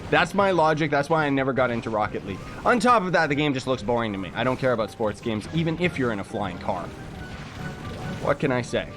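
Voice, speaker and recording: A man's voice: mid-range voice, expressive, quick pace, over music. A young man from Canada chatting casually while livestreaming a game, reading chat messages aloud and making jokey asides. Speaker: livestreaming gamer.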